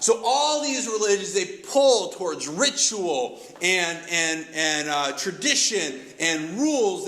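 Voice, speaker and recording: A male pastor delivers a sermon in a high, bright, forceful voice. He talks in an animated, conversational way, acting out quoted lines and repeating words as he restarts. The sound rings through an echoey room.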